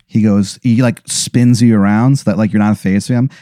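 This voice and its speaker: A man's voice: lowish voice, steady tone, moderate pace, warm tone, no echo, clean studio sound. A man improvising a comic scenario as the storyteller, rambling with fillers. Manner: rambling, with fillers, laughing at his own bits. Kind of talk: improvised comedic narration.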